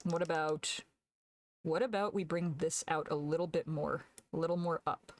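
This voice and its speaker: A woman's voice: deep voice, steady tone, moderate pace. A young woman streamer chatting casually while she draws, laughing often and answering her chat aloud.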